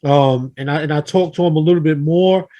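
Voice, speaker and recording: With a voice on the high side and a brisk pace, this man hosts a round table and tells a family story, earnest and animated as he acts out quotes. The recording has its highs cut off.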